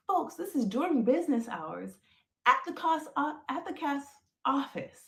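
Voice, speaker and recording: Woman storyteller, gravelly fry, roomy echo; animated, talks straight to listeners. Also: medium pitch, moderate pace. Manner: animated, addresses listeners as folks, acts out quoted lines. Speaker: woman telling her story on a podcast. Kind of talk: emotional personal storytelling.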